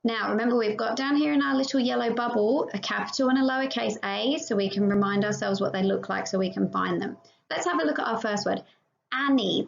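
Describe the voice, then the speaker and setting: A woman teacher with an Australian accent giving a slow, encouraging phonics lesson to young children, sounding out each letter. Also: mid-range voice, creaky. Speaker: prep teacher. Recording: dull lo-fi sound.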